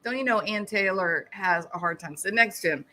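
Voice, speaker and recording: Casting: middle-aged woman, bright voice, wry and chatty live-stream host. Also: medium pitch, fairly quick. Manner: wry, chatty, laughs at her own jokes. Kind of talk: casual live-stream chat reading comments.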